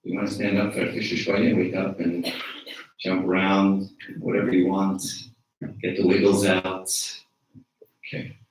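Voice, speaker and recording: A man's voice: low voice, monotone, moderate pace, long pauses, far from the mic. A man giving a conversational sermon as an archdeacon, engaging the congregation with frequent rhetorical questions. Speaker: archdeacon preaching. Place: church. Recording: very echoey church from afar.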